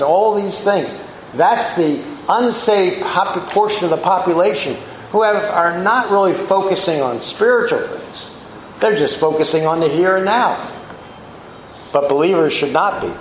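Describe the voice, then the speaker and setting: Slightly high-voiced preacher in an echoey room. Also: male voice, a little slow, a little hiss or hum. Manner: conversational, reflective Bible teaching with rhetorical questions. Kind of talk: sermon.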